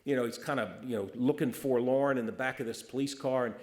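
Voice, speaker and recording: A man's voice: medium pitch, fairly even intonation, quick pace, darkish tone. A man, a police officer, telling a funny story at a roast. He often stammers and restarts, and he acts out the people he quotes.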